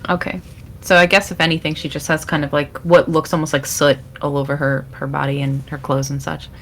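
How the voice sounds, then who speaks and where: Woman, tabletop player, gravelly low voice, chatty, hesitant. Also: flat delivery, fairly quick, a bit bright, slight background noise. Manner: chatty, hesitant, lots of fillers. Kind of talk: casual tabletop role-play.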